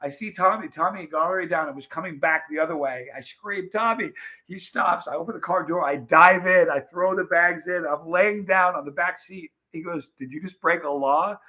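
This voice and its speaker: Talking casually to his live chat, a middle-aged man from the United States wanders through a story, voicing the quoted parts and restarting again and again. His pitch is fairly high, his delivery brisk, pushed and bright with few pauses, though the recording is muffled.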